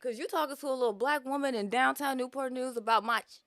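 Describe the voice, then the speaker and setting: A woman, a podcast guest telling her business story in a lively, laughing way. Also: high-pitched, quick pace, dry recording, clean studio sound. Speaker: podcast guest, mushroom grower. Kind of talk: casual storytelling chat.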